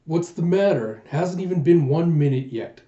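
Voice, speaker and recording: A man voicing a huge gruff male pirate overlord with a drawn-out rolling laugh, in a muffled echoey room recording. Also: fairly high pitch, animated, warm tone, lightly acted. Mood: mocking.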